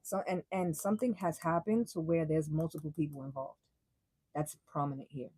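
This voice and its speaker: A young woman giving a casual live tarot reading, blunt and profane, full of slang and quick laughs. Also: deep voice, fairly even intonation, dark tone, husky, dry recording, rough recording. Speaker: tarot reader.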